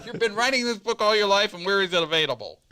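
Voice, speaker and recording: A man hosting a radio show, asking a guest quick, friendly questions. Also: high voice, lively intonation, sharp tone, clean tone. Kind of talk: interviewing a guest.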